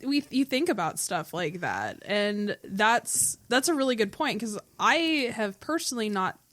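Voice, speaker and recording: A woman's voice: mid-range voice, sing-song, unhurried, fairly bright tone. Easygoing woman podcast host. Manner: easygoing, joking, asks questions. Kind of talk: casual podcast chat.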